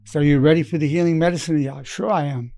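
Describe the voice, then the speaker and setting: A man's voice: fairly high pitch, fairly even intonation, fast, mellow, dry recording, studio quality. A man in his eighties, a psychologist, teaching a lesson through stories about his patients and the words they said. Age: 80s. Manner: anecdotal, quotes patients in his own voice. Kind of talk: storytelling lesson.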